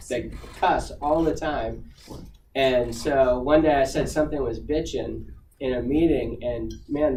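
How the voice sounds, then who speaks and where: A man speaking as a guest to students in a casual, rambling way, full of fillers and restarts. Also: medium pitch. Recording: echoey room, far from the mic, noisy.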